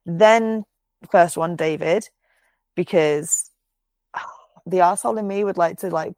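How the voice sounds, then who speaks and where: Sweary, laughing woman with gravelly voice. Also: lowish voice, normal speed, no echo. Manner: swears freely, laughs often, animated storytelling. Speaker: podcast co-host. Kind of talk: casual chat.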